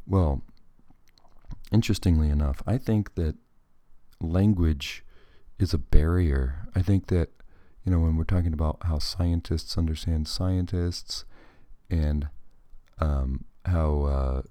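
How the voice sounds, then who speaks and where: Solo podcast host, man, slow and dark-toned, meandering and self-mocking. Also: extremely low pitch, dry recording, studio quality. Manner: rambling, digressive, self-deprecating. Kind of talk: casual solo podcast monologue.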